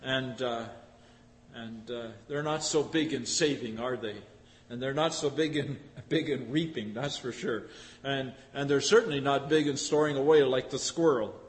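A man's voice: mid-range voice, moderate pace, big-room sound. A man preaching a sermon in a folksy, chatty way, asking rhetorical tag questions of his listeners.

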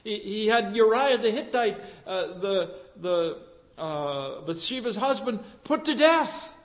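High-voiced male preacher in an echoing hall. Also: expressive, takes it slowly. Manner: fervent, rising to loud emphatic passages. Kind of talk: sermon. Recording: echoey hall with long reverb.

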